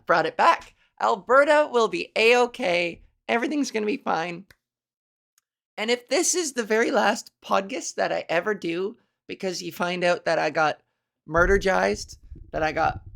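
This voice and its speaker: A woman's voice: mid-range voice, gravelly, a bit bright. A woman comedian hosting a solo podcast, rambling and self-mocking, with lots of fillers.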